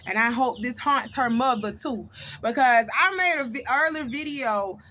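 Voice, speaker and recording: A woman's voice: a little high, moderate pace, pushed and bright, slight background noise. A woman hosting a casual commentary talk, blunt and emphatic, repeating her points for weight. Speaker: commentary channel host. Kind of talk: casual true-crime commentary.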